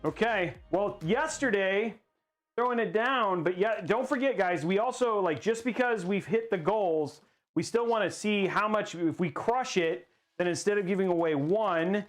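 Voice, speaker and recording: A man hosting a casual livestream while building a PC, excitable and rambling as he hypes the viewers' goals. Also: high-pitched, moderate pace, faint music behind.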